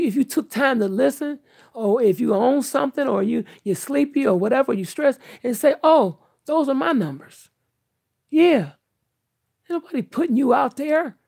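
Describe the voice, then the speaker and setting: A woman's voice: high-pitched, gravelly, a little mellow, husky, no room sound. An older woman talking candidly to her viewers in an earnest, emphatic, outspoken way. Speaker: vlogger.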